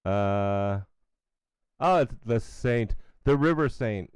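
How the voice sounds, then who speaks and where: A man's voice: lowish voice, lively intonation, slow pace, darkish tone, clean tone, dry recording. A middle-aged man hosting a solo commentary show, blunt and sarcastic, scornful, with frequent asides and restarts. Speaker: radio commentary host.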